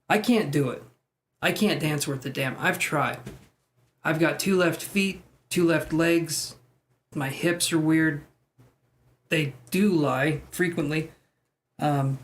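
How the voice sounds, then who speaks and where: A man's voice: fairly high pitch, a little hiss or hum. A man giving tarot readings on a live stream, chatty and self-deprecating as he talks to viewers. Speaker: tarot reader.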